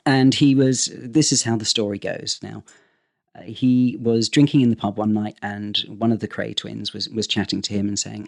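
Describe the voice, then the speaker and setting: A man, a talent agent talking casually as a podcast guest, animated and often repeating words as he starts a sentence. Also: lowish voice, moderate pace, gravelly. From England. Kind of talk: casual interview chat.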